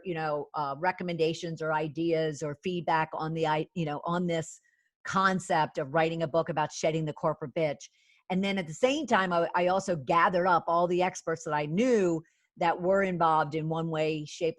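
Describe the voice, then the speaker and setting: A woman's voice: low voice, no echo, studio quality. A middle-aged woman, a business coach and author, telling her personal story earnestly, with many "you know" fillers.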